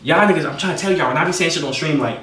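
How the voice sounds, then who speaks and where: A young man from the United States telling a personal storytime in a fast, slangy way, swinging between laughing and hushed. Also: on the high side, far from the mic. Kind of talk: casual storytime monologue. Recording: roomy echo, off-mic.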